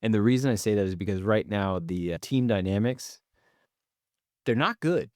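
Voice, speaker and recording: A man's voice: on the low side, animated, normal speed, darkish tone, no echo, clean studio sound. A man co-hosting a casual review podcast, easygoing and jokey with candid opinions. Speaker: podcast co-host.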